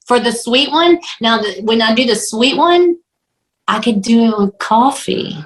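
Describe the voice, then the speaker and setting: A woman's voice: a little high, lively intonation, measured pace. A woman with a heavy Southern accent, co-hosting a podcast and telling stories between frequent laughs. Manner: laughs often, chatty storyteller. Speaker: podcast co-host. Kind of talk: casual chat. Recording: roomy echo.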